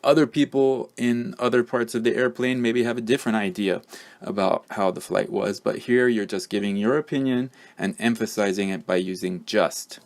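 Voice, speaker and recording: Patient low-voiced man teaching English. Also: steady tone, moderate pace, darkish tone. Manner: patient, repeats examples with frequent ums. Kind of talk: explanatory lesson.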